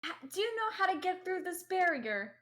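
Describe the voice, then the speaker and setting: A woman playing a tabletop game, chatty and quick to react. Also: extremely high pitch, big pitch swings, a bit bright. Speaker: player.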